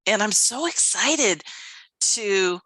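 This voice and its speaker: Speaking slowly at medium pitch, this podcast co-host is a woman in her fifties chatting casually. She's lively and enthusiastic, laughing often and performing the voices she quotes, in a low-quality recording with no room sound.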